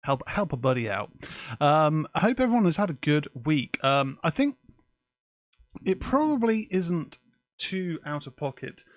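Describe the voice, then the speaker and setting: A man's voice: fairly high pitch, sing-song, unhurried, no room sound. A man hosting a live-streamed podcast from his home office, chatting casually and swearing offhandedly. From England. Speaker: podcast host. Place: home office with windows open. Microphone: desk microphone.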